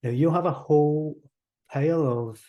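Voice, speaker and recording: A man with a Scottish accent, a hypnotherapist guest on a podcast, explaining quickly and animatedly, sometimes acting out example voices. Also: fairly high pitch, dull audio.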